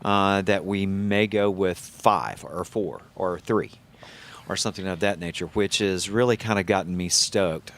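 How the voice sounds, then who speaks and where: A man hosting a podcast interview, speaking casually and haltingly as he searches for his words. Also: deep voice, fairly even intonation, a bit bright. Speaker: podcast host.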